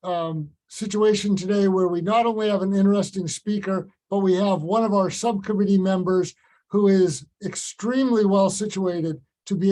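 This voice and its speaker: Man, meeting chair, high-pitched, measured and halting, video-call audio. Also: warm tone, rough recording. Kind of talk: virtual meeting remarks.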